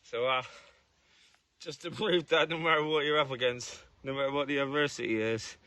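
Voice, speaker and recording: A man's voice: mid-range voice, steady tone, moderate pace, bright, forceful tone, no room sound. A man speaking earnestly to camera as an angler, sharing a heartfelt message after a catch. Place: fishing bank outdoors.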